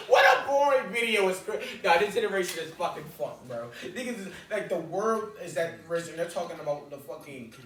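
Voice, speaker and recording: A man reacting live to an episode, with loud excited outbursts and heavy profane slang. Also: sits high, normal speed, few pauses, a little hiss or hum. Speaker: reaction video host. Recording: roomy, distant mic, show audio behind. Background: episode audio and music playing.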